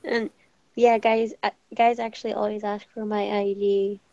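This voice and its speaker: A woman's voice: mid-range voice, flat delivery, moderate pace, mellow, dry recording, highs cut off. A woman of twenty in a casual podcast chat, chatty and self-deprecating, swearing casually.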